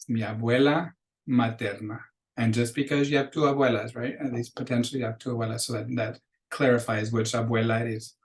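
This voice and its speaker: Patient man teaching Spanish pronunciation. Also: mid-range voice. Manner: explains patiently, slows down to model pronunciation. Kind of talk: recorded lecture.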